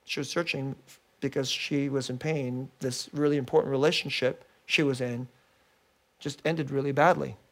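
A pastor giving a sermon in an animated, conversational storytelling manner. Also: mid-range voice, normal speed.

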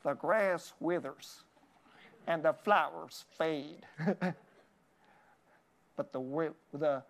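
Woman doing a southern preacher guy, slow drawl, reading scripture. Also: low-pitched, vocal fry, pitched below the performer's own voice, heavily acted. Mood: solemn.

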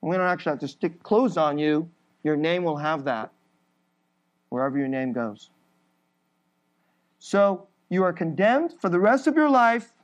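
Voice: medium pitch, expressive, unhurried, long pauses, highs cut off. A preacher giving an emphatic sermon, building through repeated phrases and laughing briefly between points.

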